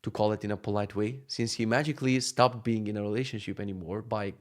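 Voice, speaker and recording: A man in his thirties telling a casual story to camera for his vlog, animated and profane, acting out quotes along the way. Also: lowish voice, fast talker. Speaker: vlogger.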